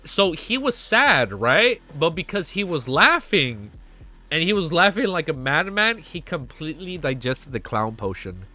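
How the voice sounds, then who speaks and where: An excitable young man reads a story aloud on his reaction stream, his high voice leaping all over the place. He keeps cutting in with slangy outbursts. His tone is bright and sharp, with faint music underneath. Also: measured pace. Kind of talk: reading a web novel aloud and reacting.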